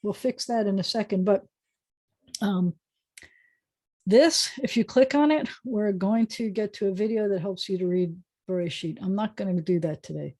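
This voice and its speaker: A woman's voice: medium pitch, dark tone. Woman teaching hebrew on a video call. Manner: patient, sounds out words slowly, chatty asides. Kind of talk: online Hebrew lesson.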